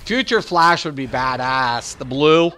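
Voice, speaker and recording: A man streaming a game, chatting casually and excitedly with his viewers, with lots of restarts and fillers. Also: medium pitch, measured pace, slight background noise. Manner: rambling, excitable, talks back to chat. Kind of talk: casual live-stream chat.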